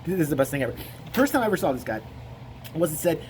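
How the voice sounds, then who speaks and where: A man's voice: on the high side, very animated, fast talker, darkish tone, slight background noise. Rambling profane male commentator. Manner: rambling, profane, laughing asides. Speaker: video commentator.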